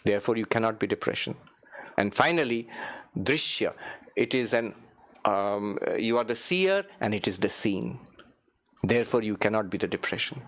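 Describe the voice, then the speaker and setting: In a meditation hall, a male monk gives a spiritual retreat talk at a moderate pace. He's animated, his pitch swinging high and low as he chuckles and chants Sanskrit verses.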